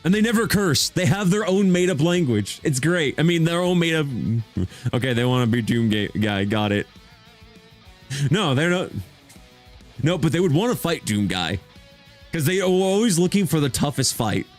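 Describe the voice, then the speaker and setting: Excitable rambling young-sounding man. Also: on the high side, normal speed, soft background music. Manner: enthusiastic, rambling, restarts often. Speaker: VTuber streamer. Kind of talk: casual chat stream.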